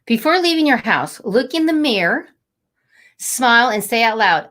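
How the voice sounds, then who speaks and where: A middle-aged woman talking warmly and a little rambling as she encourages viewers during a live motivational stream. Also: a little high, very animated, moderate pace. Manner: warm, encouraging, rambling and conversational. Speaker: angel card reader and inspirational host.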